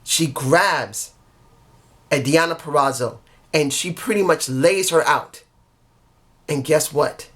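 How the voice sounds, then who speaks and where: A man's voice: on the high side, slow pace, pauses often, a bit bright. A man vlogging casually as a wrestling fan, rambling earnestly and often correcting himself mid-sentence. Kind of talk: casual solo storytelling vlog.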